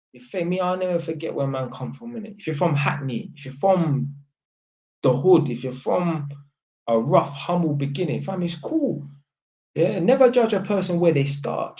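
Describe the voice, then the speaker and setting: A man's voice: fairly high pitch, a little mellow, lo-fi sound. A man with a London accent talking on a livestream, blunt and emphatic, swearing often and ending lines with tag questions. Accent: London, Multicultural London English. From North London, England. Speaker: livestream host. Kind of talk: casual livestream monologue.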